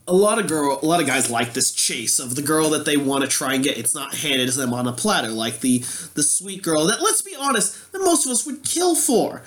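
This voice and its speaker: A man's voice: fairly high pitch, sing-song, fairly quick, hardly any pauses, fairly bright tone, a little hiss or hum. Blunt, opinionated man chatting. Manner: opinionated, blunt, swears freely. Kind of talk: casual chat.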